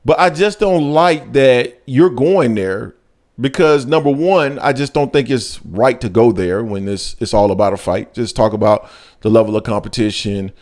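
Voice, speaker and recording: Hosting a sports talk show, a man speaks in a mid-range, darkish voice at a moderate pace. His casual chat turns emphatic, with sharp jumps in his voice whenever he presses a point.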